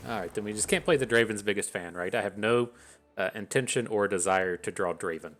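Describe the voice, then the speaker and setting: A man giving casual commentary on his own card game as a streamer, thinking out loud in an analytical, wry way. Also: on the low side, a little fast.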